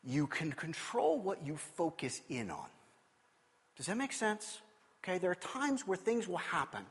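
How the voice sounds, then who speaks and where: A middle-aged man preaching a sermon as a pastor, telling stories with animated swings between loud and quiet. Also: high voice, a little slow, breathy edge. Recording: long hall reverb.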